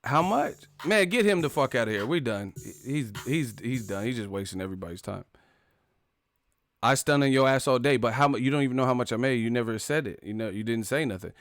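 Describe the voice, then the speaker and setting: A man hosting a live chat stream, talking casually and trash-talking commenters with loud bursts and laughs. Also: mid-range voice, animated, brisk, no room sound. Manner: brash trash talk, frequent laughing.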